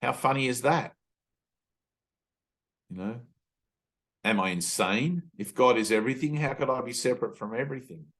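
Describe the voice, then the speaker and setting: A spiritual teacher gives a casual talk in a mid-range, slightly bright voice, speaking a little quickly. He tells loose stories packed with fillers and acts out the voices of the people he quotes.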